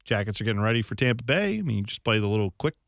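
A man's voice: fairly low pitch, sing-song, fairly bright tone, no echo. A man co-hosting a radio show in a studio, joking and bantering loosely. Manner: joking, loose, drawn-out pauses. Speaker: radio co-host.

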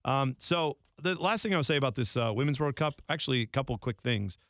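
A man co-hosts a podcast in relaxed casual chat, with a few wry asides. His voice is mid-pitched and sounds dry and close to the mic. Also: fairly quick, no echo. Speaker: podcast co-host.

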